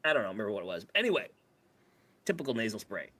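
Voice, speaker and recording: A man's voice: lowish voice, very animated, rapid-fire, pushed and bright. A man in casual chat with friends, blunt and swearing when indignant.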